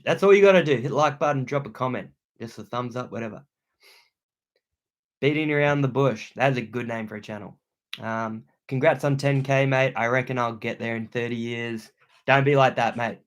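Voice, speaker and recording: A young Australian man who hosts an outdoor channel is livestreaming from a room at home, reading viewer comments aloud and thanking people in laid-back slang. His voice is medium-pitched and a little fast.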